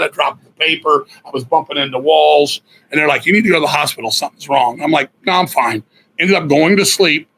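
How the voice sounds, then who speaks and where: Middle-aged guy swearing his way thru stories, kinda high voice, edgy bright tone. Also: poor audio. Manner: blunt and profane, animated storytelling. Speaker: guest musician. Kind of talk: casual storytelling interview.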